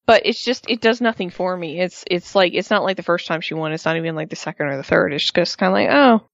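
A woman co-hosting a casual wrestling recap, expressive and acting out quotes in high voices. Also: quick pace, creaky, no echo, lo-fi sound. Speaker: podcast co-host.

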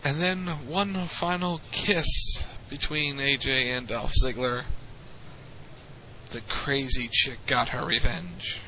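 Bright-voiced man recapping wrestling matches. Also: medium pitch, slow, lo-fi sound, a little hiss or hum. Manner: relaxed, teasing, recounts events play by play. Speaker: podcast host. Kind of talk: casual wrestling recap podcast.

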